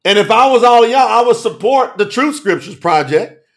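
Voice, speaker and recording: Male preacher, high gravelly voice, emphatic and folksy, repetitive, drops low for effect. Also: lively intonation, normal speed, a bit bright. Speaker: preacher teaching scripture. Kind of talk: fiery sermon to a live stream audience.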